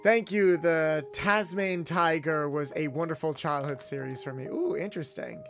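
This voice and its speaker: A man's voice: fairly high pitch, normal speed, music in the background. A young man chatting casually with viewers on a livestream, playing up a friendly garage mechanic persona. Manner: chatty, animated, in-character garage mechanic patter. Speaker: VTuber streamer.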